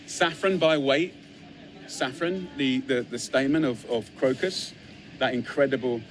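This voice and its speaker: A man's voice: mid-range voice, measured pace, a little hiss or hum. An English man, a chef, talking casually into a phone camera in a spice shop, enthusiastic and repeating his phrases for emphasis. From England.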